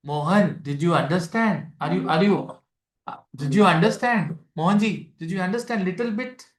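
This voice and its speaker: Indian-accented astrology teacher lecturing to students; mid pitch, echoey room sound. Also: normal speed. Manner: explanatory, repeats key phrases, mixes Hindi into English; addresses students directly with questions. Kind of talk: live masterclass lecture.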